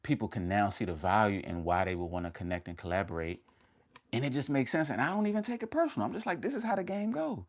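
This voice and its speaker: A man with a fairly low voice hosts a casual motivational livestream. He is energetic and slangy, calls his viewers fam and talks in short punchy bursts. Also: fast talker. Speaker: motivational YouTuber hosting a livestream.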